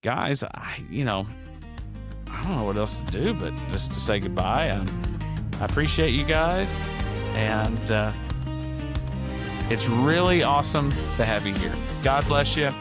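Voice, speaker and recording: A man's voice: medium pitch, lively intonation, unhurried, pauses often, over loud music. A man hosting a casual solo podcast, telling a rambling story with chuckles and restarts. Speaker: podcast host.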